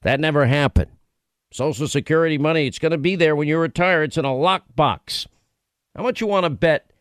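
A man's voice: a little high, fairly quick, no echo, studio quality. Sarcastic male talk radio host. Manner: sarcastic, combative ranting.

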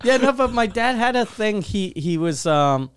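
A man's voice: sits high, lively intonation, normal speed, clean tone. A man telling a long, rambling personal story in casual chat, swearing often and restarting his sentences.

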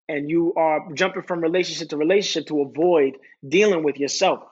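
A man with a New York accent speaks as a podcast guest, stumbling over his words and restarting his sentences as he opens up. His voice is husky and sits a little high for a man. The recording sounds dull and lo-fi. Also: darkish tone. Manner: halting, repeats words and restarts, recites his own lyrics. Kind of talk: candid conversational talk.

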